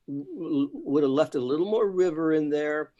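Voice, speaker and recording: Halting, enthusiastic man. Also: a little high, warm tone, dull audio. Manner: halting, repeats words, enthusiastic. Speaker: photography club member. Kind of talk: casual club discussion. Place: online club meeting.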